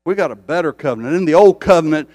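A man's voice: on the high side, animated, fast talker, darkish tone, dry recording, clean studio sound. An older man preaching a sermon, repeating phrases for emphasis and building intensity as he speaks. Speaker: pastor.

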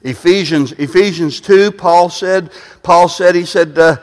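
High-voiced preacher in a hall. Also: male voice, unhurried. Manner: repetitive, restarting phrases, rising to shouts at peaks. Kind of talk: sermon. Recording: long hall reverb.

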